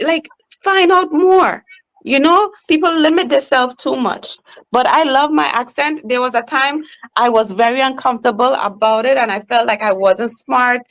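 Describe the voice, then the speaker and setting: A woman with a Trinidadian accent, a professional speaker talking candidly and emphatically as a podcast guest. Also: a little high. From Trinidad and Tobago. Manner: candid and emphatic, slows down on purpose. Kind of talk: casual conversation.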